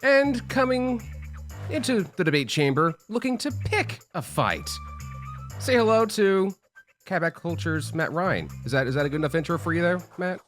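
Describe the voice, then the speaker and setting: A man's voice: animated, normal speed, a bit bright, faint music behind. A man hosting a radio debate game show and refereeing it in a playful announcer style. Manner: playful announcer delivery, big swings in pitch. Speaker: host and referee.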